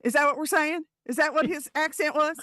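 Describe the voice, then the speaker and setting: A woman's voice: high voice, bright, forceful tone, dry recording, clean studio sound. A woman playing in a tabletop game, egging the game master on in casual chat. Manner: drawn-out, egging others on. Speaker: player.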